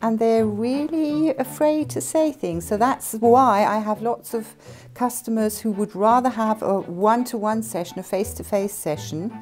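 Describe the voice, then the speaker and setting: A woman's voice: fairly high pitch, a little slow, few pauses, darkish tone. A woman who tutors English, explaining her views thoughtfully in an interview. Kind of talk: interview answers.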